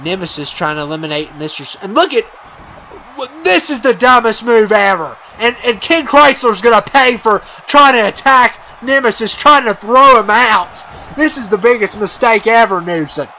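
A man giving playful, excitable wrestling commentary over a video game, chuckling often and full of fillers and restarts. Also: high voice, moderate pace, slight background noise, rough recording.

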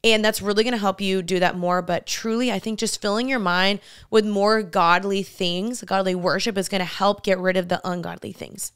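A young woman co-hosting a casual podcast, giving earnest, heartfelt advice in a rapid flow of talk. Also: medium pitch, fairly even intonation, a bit bright, smooth, no echo, clean studio sound. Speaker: podcast co-host. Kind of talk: casual chat.

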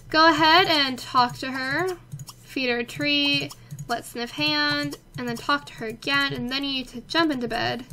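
A young woman hosting a casual let's play, chatty and excitable, talking to the characters on screen. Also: high voice, normal speed, a little hiss or hum. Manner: chatty, excitable, talks to her game characters. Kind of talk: casual game commentary.

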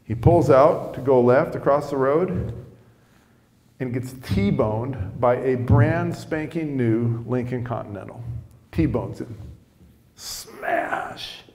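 A man's voice: medium pitch, slow, creaky, warm tone, big-room sound. A middle-aged man preaching a sermon as a chatty story, often repeating words as he starts his lines. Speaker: pastor. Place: church sanctuary.

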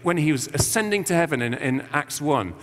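A man's voice: a little high, animated, brisk, a bit bright. A man from England giving an informal, chatty sermon, full of slang and acted-out quotes. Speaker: visiting preacher. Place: church. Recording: long church reverb.

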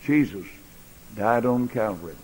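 A man preaching a sermon in a large church, folksy, swinging between loud bursts and quiet asides. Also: fairly low pitch, lively intonation, a little slow, slightly rough. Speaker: pastor. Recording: echoey church hall recording.

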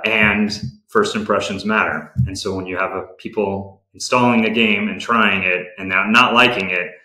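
A man's voice: lowish voice, fairly bright tone, echoey room, rough recording. A man who runs a game company, answering interview questions in a candid, practical way and often restarting his sentences.

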